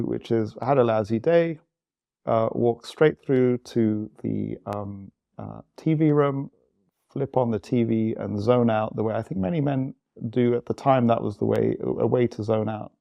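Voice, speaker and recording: Gravelly, mellow-voiced man in his fifties. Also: medium pitch, dry recording, highs cut off. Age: 50s. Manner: candid, halting, with frequent restarts. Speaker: guest. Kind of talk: reflective personal storytelling.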